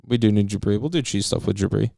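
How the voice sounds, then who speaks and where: A man's voice: lowish voice, fast talker, creaky, warm tone, no echo, studio quality. A young man co-hosting a casual comedy podcast, rambling and trailing off mid-sentence. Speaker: podcast co-host.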